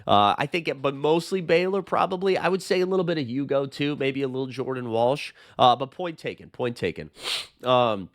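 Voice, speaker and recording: A man with a Boston accent hosting a casual sports chat, his voice hoarse from being sick, talking in a rambling way with lots of fillers. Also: medium pitch, normal speed, dry recording, studio quality. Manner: chatty, rambling with many fillers. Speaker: sports channel host.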